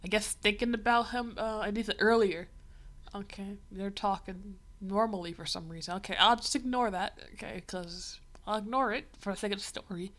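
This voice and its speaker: A woman's voice: mid-range voice, steady tone, normal speed, a bit bright. A woman livestreaming as she reads a comic, giving a rambling, wry running commentary full of fillers. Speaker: livestreamer reading a comic aloud.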